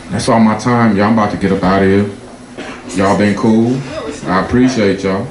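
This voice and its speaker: A man doing a profane stand-up set, telling loose stories and jumping high in pitch for his punchlines. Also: moderate pace, long pauses. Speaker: stand-up comedian. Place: comedy club stage before a laughing audience. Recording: echoey club room with crowd noise.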